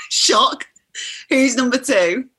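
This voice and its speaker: A woman, chatting as a podcast guest, effusive and quick to laugh. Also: sits high, sharp tone, breathy edge. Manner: effusive, laughs often, talks in quick restarts. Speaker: podcast guest, sports presenter. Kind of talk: casual chat.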